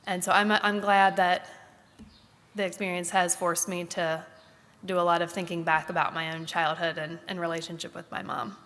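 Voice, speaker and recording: A woman in her thirties gives a candid, thoughtful personal reflection at a church service, pausing often with fillers as she gathers her thoughts. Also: lowish voice, little pitch movement, fairly bright tone. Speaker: congregant sharing a Mother's Day reflection. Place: church sanctuary. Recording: long church reverb.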